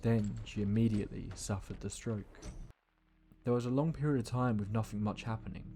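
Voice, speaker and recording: A man giving a scripted horror story narration, measured and slowing down for suspense, with faint music behind him. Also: lowish voice, dark tone.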